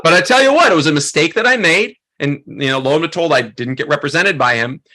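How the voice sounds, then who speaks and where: Lively, bright-voiced male workshop instructor. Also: fairly high pitch, quick pace. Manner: animated, acts out quoted voices, many fillers. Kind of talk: casual storytelling to a workshop group.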